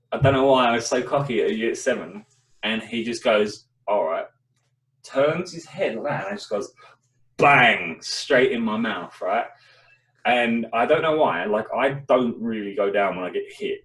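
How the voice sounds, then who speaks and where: A man's voice: mid-range voice, recorded from a distance. A young man, co-hosting a casual chat show and telling a story with lots of swearing. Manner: swears a lot, animated storytelling. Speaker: podcast co-host. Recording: echoey room, away from the mic.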